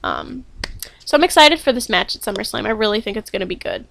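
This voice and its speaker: A woman's voice: mid-range voice, wildly swooping pitch, quick pace, gravelly, a bit bright, slight background noise. A young woman chatting casually to camera as a fan vlogger, bubbly and gushing, with lots of ums.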